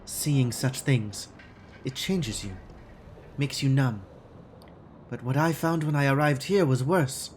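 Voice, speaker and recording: A man voicing a guarded, formal corporate woman scientist in a put-on German accent, with clipped, measured speech. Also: medium pitch, a little hiss or hum, close to an everyday voice. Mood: grave. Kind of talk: video game dialogue read aloud.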